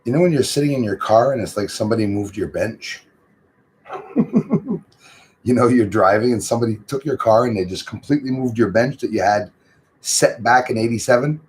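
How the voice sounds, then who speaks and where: A man's voice: medium pitch, fast talker, a little mellow. A man hosting a casual live stream, greeting viewers by name and chatting loosely about what they write. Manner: greets viewers by name and reads their comments aloud. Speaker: livestream host.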